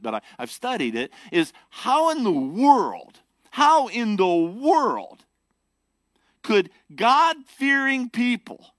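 A man preaching a sermon, animated and emphatic as he explains scripture to his congregation. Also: high-pitched, dry recording. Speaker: pastor.

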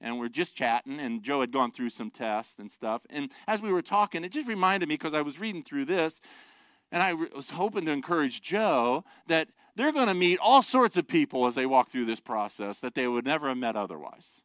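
A man's voice: a little high, lively intonation, brisk, a bit bright, no room sound. A middle-aged man preaching a sermon, a pastor who talks conversationally and jokes with the congregation. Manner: conversational, joking asides to the congregation.

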